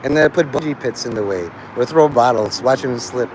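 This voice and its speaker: A man's voice: medium pitch, brisk, slight background noise, rough recording. A man hosting a livestream, talking to his chat in a crude, rambling way and laughing at his own jokes. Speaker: livestream host.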